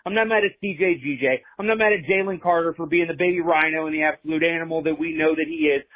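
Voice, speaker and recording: A man's voice: on the high side, fairly even intonation, fast talker. A man calling in to vent as an angry sports fan, swearing and ranting, his voice straining into cries. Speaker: caller. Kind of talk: angry fan rant on a call-in line. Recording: tinny phone line.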